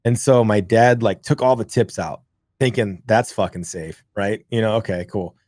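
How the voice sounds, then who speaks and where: A man co-hosting a podcast, telling a childhood story in a rambling, profane, animated way. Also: on the low side, moderate pace, dry recording, studio quality. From rural. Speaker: podcast co-host. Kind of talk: casual storytelling chat.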